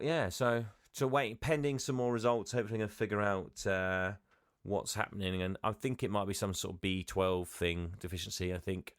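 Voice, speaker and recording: A man's voice: fairly low pitch, no echo, clean studio sound. A man co-hosting a podcast, talking casually and hesitantly, often laughing. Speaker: podcast co-host. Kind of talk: casual chat.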